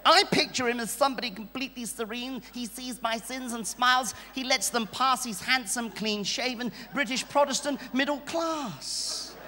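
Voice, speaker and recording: A man's voice: very high-pitched, normal speed, hardly any pauses, noisy background, voice pushed up. A man preaching in church, putting on the voice of a reserved, stuffy middle-class Englishman in a prim, understated tone. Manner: prim, understated, mock-dignified. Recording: long church hall reverb.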